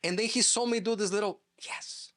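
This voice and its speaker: A man's voice: high-pitched, quick pace. A middle-aged man, a real estate agent, telling a personal story in an interview and acting out the dialogue. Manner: lively storyteller who acts out quoted dialogue.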